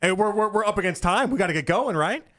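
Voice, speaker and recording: A man with a high voice talks at a quick pace while hosting a sports radio show. He chats casually and, as an animated storyteller, acts out the people and exchanges in his story.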